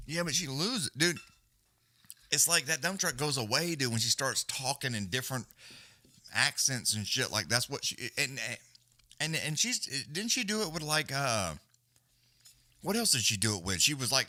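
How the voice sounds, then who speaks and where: Male streamer, casual and profane, very lively delivery, dry close sound. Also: mid-range voice, no echo. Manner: rambling, profane, animated. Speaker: livestream host. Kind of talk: casual live-stream chat.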